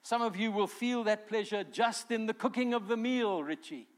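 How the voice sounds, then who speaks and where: A male pastor delivering a sermon, animated and emphatic, acting out quotes with rising force. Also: sits high, normal speed. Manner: animated preaching, voices quotes with swelling emphasis.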